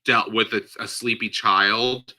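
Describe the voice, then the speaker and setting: A man co-hosting a casual movie discussion podcast, lively and playful, acting out lines from the film. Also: on the low side, slow pace. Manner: animated, acts out lines from the film in put-on voices. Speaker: podcast co-host.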